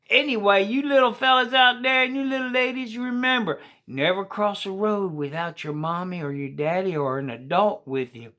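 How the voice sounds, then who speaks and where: A woman's voice: lowish voice, lively intonation, normal speed, hardly any pauses, a bit bright. Folksy woman telling a children's story.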